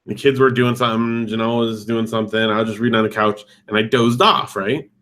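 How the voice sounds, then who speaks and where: Talking quickly in a fairly low, steady, and fairly bright voice, a man in his thirties co-hosts a podcast. The chat is casual, and he rambles, restarting often and using lots of fillers.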